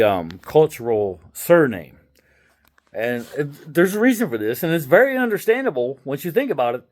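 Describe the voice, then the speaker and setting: Chatty irreverent man. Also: mid-range voice. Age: middle-aged. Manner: chatty, irreverent, swears casually, animated when quoting others. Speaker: vlogger. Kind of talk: casual storytelling to camera.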